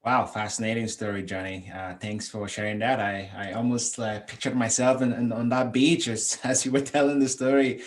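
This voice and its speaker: A man hosting a podcast interview, asking questions in an appreciative, measured and reflective way. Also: mid-range voice, steady tone. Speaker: podcast host.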